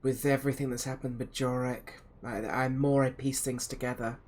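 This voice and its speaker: A man's voice: mid-range voice, level tone, darkish tone, a little hiss or hum, natural voice. A man playing an earnest pious adventurer. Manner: measured, slow, hesitant.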